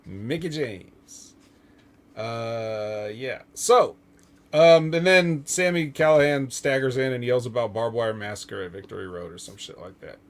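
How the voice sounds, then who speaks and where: A man's voice: medium pitch, unhurried. A man hosting a casual podcast, recapping wrestling in a loose, joking way, swearing and laughing often. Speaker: podcast host.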